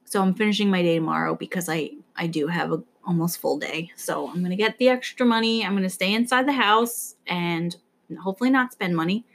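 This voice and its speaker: A woman's voice: lowish voice, brisk, vocal fry. Anxious rambling young woman. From New York area. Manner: anxious, rambling, swears casually. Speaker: podcast co-host. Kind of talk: casual chat.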